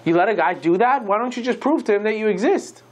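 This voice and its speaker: A lecturer voicing a shaken innkeeper man confessing his doubts, hesitant and halting. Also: mid-range voice, animated, natural voice. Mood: doubting.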